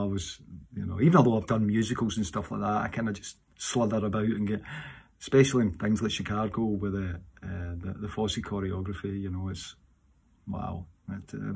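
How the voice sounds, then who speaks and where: A Scottish man, a singer answering audience questions in a rambling, casual chat, animated in his seat and restarting his sentences often. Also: lowish voice, gravelly, husky. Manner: animated while seated.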